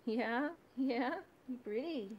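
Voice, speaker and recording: A woman chatting to her pet birds at home beside their cage, in soft, sing-song baby talk with frequent small laughs. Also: fairly high pitch, slow pace, muffled recording, a little hiss or hum.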